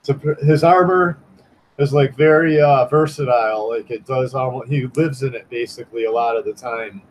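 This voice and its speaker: A man's voice: medium pitch, moderate pace, slight background noise, rough recording. A man chatting casually on a livestream as a comic artist, rambling and swearing, with many restarts and fillers.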